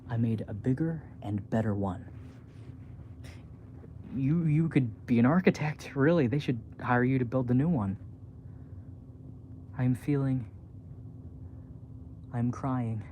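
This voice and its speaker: Male reader, slow and mellow, halting bedtime storytelling, faint hiss behind. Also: medium pitch. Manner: soft, slow, halting reading with small slips. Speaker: reader of his own book. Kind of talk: reading aloud a bedtime story.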